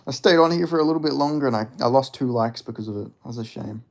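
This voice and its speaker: A man's voice: mid-range voice, quick pace, gravelly, darkish tone. A man hosting a casual livestream, rambling about fights, reading chat aloud and jokingly apologizing. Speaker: livestream host.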